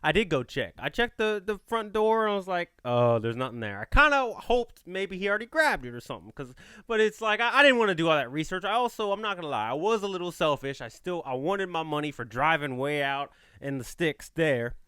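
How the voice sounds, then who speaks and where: A man tells a story on a podcast. His voice sits high and bright for a man and swings widely in pitch. The sound is close and dry. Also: a little fast, clear, resonant tone, no echo. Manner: animated, playful, slips into quoted voices. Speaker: podcast host. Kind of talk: casual storytelling chat.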